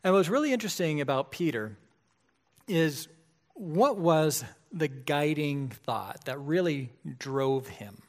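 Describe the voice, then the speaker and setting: A male pastor delivering a sermon in a fairly high voice. He talks to the congregation in a relaxed, conversational way and builds to emphatic moments. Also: slow pace. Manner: conversational preaching, rising to emphatic.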